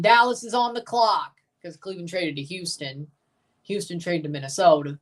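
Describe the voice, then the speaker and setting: A man's voice: high voice, normal speed, distant mic. A man hosting a livestream, giving casual, offhand reaction commentary with muttered asides and casual swearing. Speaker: livestream host.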